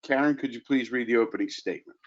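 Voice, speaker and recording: A man's voice: medium pitch, quick pace, lo-fi sound. A man chairing a town council meeting as mayor, speaking formally and politely with an American accent. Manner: formal, courteous.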